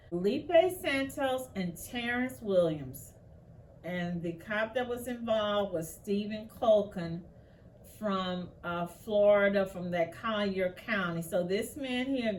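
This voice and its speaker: A woman's voice: on the low side, recorded from a distance, a little hiss or hum. A woman hosting casual commentary on news cases, outspoken and passionately indignant. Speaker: commentary channel host.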